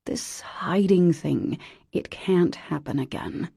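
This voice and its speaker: A woman's voice: on the low side, slow, vocal fry, dark tone, slightly rough, no room sound, whispered, clean studio sound, full character voice. A woman voicing a tired, worried father who sighs as he talks, in an audiobook. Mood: weary. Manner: weary, sighing.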